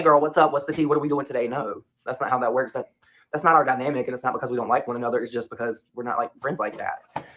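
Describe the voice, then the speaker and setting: A man's voice: mid-range voice, a bit bright. A man speaking off the cuff as a commentary YouTuber, emphatic and repeating his points. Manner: casual, emphatic, repeats himself.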